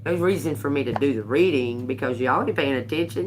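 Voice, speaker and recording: A tarot reader does a casual live reading, reacting to chat, swearing, laughing a lot and calling viewers "y'all." Her bass voice moves briskly with few pauses, and music plays underneath.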